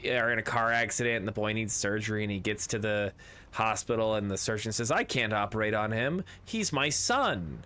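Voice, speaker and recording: A man's voice: fairly low pitch, bright, forceful tone, clear, resonant tone. A man streaming a tabletop game with friends, chatting casually, rambling through jokes and riddles and swearing now and then.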